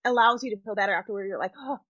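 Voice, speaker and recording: A woman hosting a podcast conversation, talking in an animated, candid way and laughing easily. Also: mid-range voice, racing, dry recording. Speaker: podcast host. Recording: dull, dry lo-fi audio.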